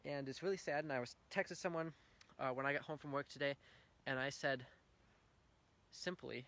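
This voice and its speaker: A man's voice: mid-range voice, normal speed, pauses often, a bit bright. A young man giving an earnest, heartfelt personal faith testimony at church, telling his story with swells of feeling.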